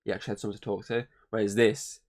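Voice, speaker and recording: A man's voice: little pitch movement, racing, a little mellow. Rambling man reviewing a movie. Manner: rambling, swears, mimics voices in high pitch. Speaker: podcast co-host. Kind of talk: casual movie review chat.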